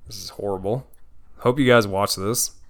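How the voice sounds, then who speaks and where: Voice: sits low, vocal fry, fairly bright tone. A podcast co-host chatting casually and joking around with a friend. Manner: joking, quick asides. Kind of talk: casual chat.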